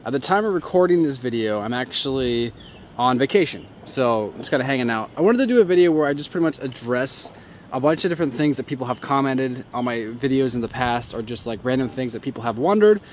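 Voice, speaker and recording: A man's voice: medium pitch, expressive, fast talker. Rambling young man outdoors by a street. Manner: loose and rambling, many fillers. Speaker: YouTube host. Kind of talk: casual talk to camera answering comments. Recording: faint street noise outdoors. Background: faint traffic.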